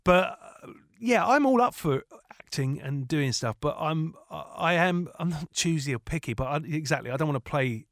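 A man's voice: on the high side, moderate pace, few pauses, no echo, clean studio sound. A man talking as a comedian guest in a casual interview, telling stories and acting out quoted lines. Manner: animated storyteller, acts out quotes.

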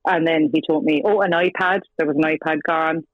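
A low-voiced Irish woman with fairly even intonation talks fairly quickly as a guest on a casual phone interview, where she's the subject's former partner. Chatty and laughing between lines, she acts out the things people said. The line sounds dry and tinny, with no room sound.

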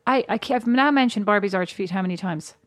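A woman's voice: mid-range voice, fast talker, fairly bright tone, no room sound, clean studio sound. A woman with an Irish accent co-hosting a chatty podcast, rambling and restarting her sentences and laughing often. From Ireland. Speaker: podcast co-host. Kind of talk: casual chat.

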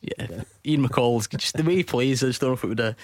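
A Scottish man hosting a sports phone-in from a dry, close-miked studio. He keeps things moving briskly with a wry touch, his pitch mid-range. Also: no echo. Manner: brisk, wry, steering the chat. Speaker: radio phone-in presenter. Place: radio studio.

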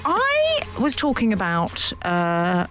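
A woman's voice: medium pitch, huge pitch swings, slow pace, a bit bright, soft background music. A woman hosting a radio show, telling a story in a playful, giggly way in casual studio chat. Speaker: radio host. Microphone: studio microphone.

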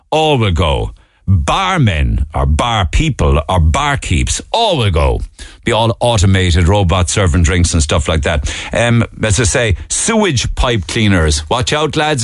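A man's voice: mid-range voice, dry recording, clean studio sound. A man with a Cork accent hosting a radio talk show, chatting casually about the day's stories with wry, joking asides. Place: radio studio.

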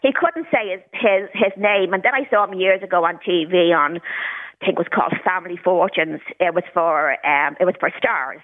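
A woman's voice: on the low side, normal speed. Woman in her sixties on the phone. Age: 60s. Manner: candid, with occasional stutter repetitions. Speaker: caller. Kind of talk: phone-in radio conversation. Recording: tinny phone line.

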